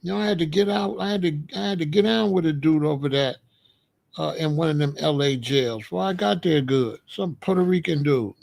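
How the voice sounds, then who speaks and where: A man's voice: a little high, a little fast, creaky, darkish tone. A man giving a blunt, streetwise commentary monologue, repeating his points. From Chicago. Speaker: commentary host.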